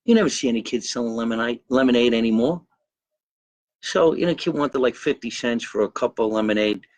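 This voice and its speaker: A man's voice: mid-range voice, fast talker, no room sound. A man hosting a live comedy stream from his backyard grill, rambling, boasting and greeting viewers by name. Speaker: host of a live comedy show. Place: backyard by a grill and pool, outdoors.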